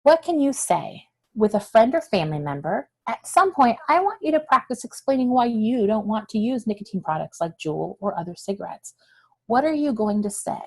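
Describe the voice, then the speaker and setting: A woman's voice: fairly high pitch, very animated, normal speed. A woman health educator giving a friendly, encouraging lesson straight to young viewers. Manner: encouraging, direct address to kids.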